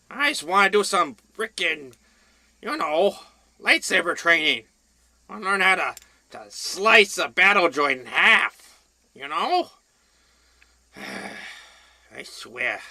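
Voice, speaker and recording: Guy playing a slow, grumpy goblin ex-Padawan with a sharp, bright voice, dry close mic. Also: fairly high pitch, dry recording, pitched above the performer's own voice, exaggerated voice. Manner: slow, grumbling, put-upon. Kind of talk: comic reviewer skit.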